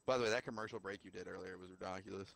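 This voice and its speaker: A man's voice: sits low, fairly even intonation, racing, vocal fry, a bit bright. A man casting a live game stream, joking and bantering between calls. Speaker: esports caster.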